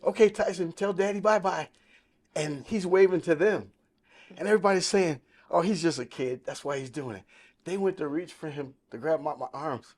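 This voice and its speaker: A man's voice: a little high, lively intonation, normal speed, a little mellow. A man of sixty telling his life testimony in casual podcast talk, emphatic and storytelling, quoting the people in it. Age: 60s. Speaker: podcast guest.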